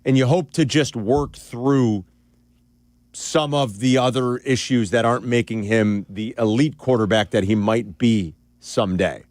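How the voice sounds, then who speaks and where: A man co-hosting sports radio, breaking down the game with candid, animated opinions. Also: medium pitch, a little slow, dry recording. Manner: animated, candid analysis with asides. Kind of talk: casual sports talk. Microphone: studio broadcast mic.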